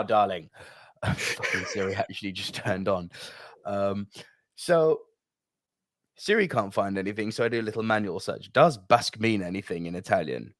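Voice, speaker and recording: A British man with a fairly low voice tells a story on a podcast in a loose, chatty way. His pitch leaps up suddenly when he gets worked up, and he swears freely. The sound is dry and close to the mic. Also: no room sound. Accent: British English. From England. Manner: animated storytelling, swearing, quick pitch jumps. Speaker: podcast co-host. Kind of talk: casual chat.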